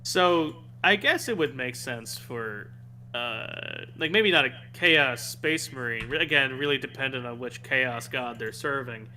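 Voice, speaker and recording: A young man with a very bright, sharp voice explains fantasy lore at length. He restarts and searches for words as he goes, in a casual tone, with a faint hum behind him. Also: medium pitch, expressive, unhurried. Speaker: show regular. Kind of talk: casual chat over a card game.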